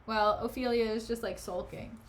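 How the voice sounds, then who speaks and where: A woman's voice: fairly high pitch, steady tone, moderate pace. A young woman streamer reading a play aloud and chatting sarcastically about it in slang.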